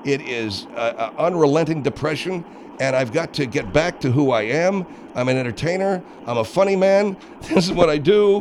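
An exasperated male radio host who trades insistent comic banter with a co-host. His voice is gravelly and sits fairly high. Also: animated, normal speed, a crowd in the background. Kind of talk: comedic talk radio banter.

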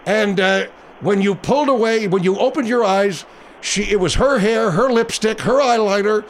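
A brash studio guest woman, as a man puts her on, with a high, blunt voice and a faint hum of room noise behind her. She needles the caller with flat mockery and shows little patience. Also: moderate pace, natural voice. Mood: mocking. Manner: blunt, mocking.

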